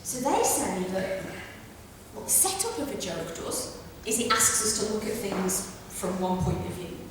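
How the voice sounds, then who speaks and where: A woman giving a chatty, brash stand-up comedy lecture on a theatre stage, with quick asides. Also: medium pitch, very animated, far from the mic, background noise. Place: theatre stage before a live audience. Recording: echoey hall recorded from afar.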